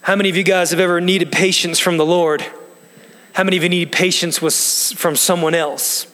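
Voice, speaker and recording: A man's voice: high-pitched, steady tone, normal speed, fairly bright tone. A man preaching a sermon as pastor, earnest and emphatic, asking the congregation questions as he explains a passage. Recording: long reverb of a large hall.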